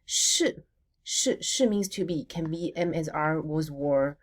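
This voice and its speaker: Woman language teacher, deep-pitched, slow and patient, drills words and answers her own prompts. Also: a little mellow. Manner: models words slowly for repetition, asks questions and answers them herself. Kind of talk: recorded language lesson.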